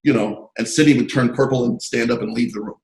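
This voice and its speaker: Animated storytelling man in a roomy space. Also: medium pitch, fast, creaky. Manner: animated, digressive, full of asides. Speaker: interview guest, screenwriter and comic artist. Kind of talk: casual anecdotal storytelling.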